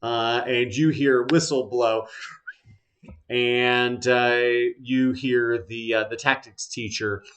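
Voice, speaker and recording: Dude running a tabletop game, super slow, lots of uhs, hesitant narrating. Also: male voice, mid-range voice, fairly even intonation, fairly bright tone, a little hiss or hum. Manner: slow, halting, many "uh" fillers. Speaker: game master.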